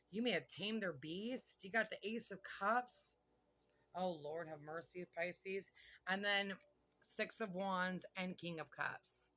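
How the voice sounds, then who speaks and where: Woman tarot reader, bright edgy tone, loose and gabby, curses casually, thinks out loud. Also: mid-range voice. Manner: chatty, excitable, swears casually, pauses to think aloud. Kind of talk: casual tarot card reading.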